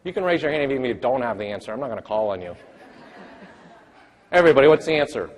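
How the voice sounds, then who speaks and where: A man presenting a math teaching workshop, energetically firing quick questions at the audience. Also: medium pitch, a faint crowd, slight background noise. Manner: energetic, rapid-fire quizzing of the audience. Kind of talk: interactive conference workshop talk. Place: large conference hall. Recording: long hall reverb.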